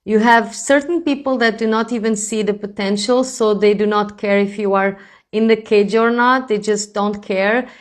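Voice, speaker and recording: A woman's voice: medium pitch, fairly even intonation, moderate pace. A woman giving an intuitive reading straight to her viewers, reassuring and calling them "my loves". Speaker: spiritual reader.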